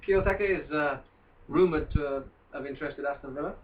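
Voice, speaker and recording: A man's voice: fairly high pitch, brisk. A man guesting on a casual football podcast, making dry, teasing asides. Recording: distant dull lo-fi sound with faint hiss.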